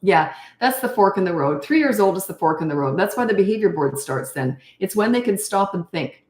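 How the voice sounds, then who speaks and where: An older woman coaching parents in a blunt, animated way, answering questions and acting out how to talk. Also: mid-range voice, brisk, reverberant. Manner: blunt, animated, acts out parent and child voices.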